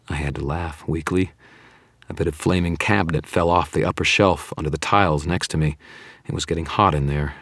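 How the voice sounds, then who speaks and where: A man reading a first-person story in a measured, dramatic style. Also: extremely low pitch, fairly even intonation, a bit bright, slightly rough, no echo. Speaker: audiobook narrator. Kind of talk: scripted narration.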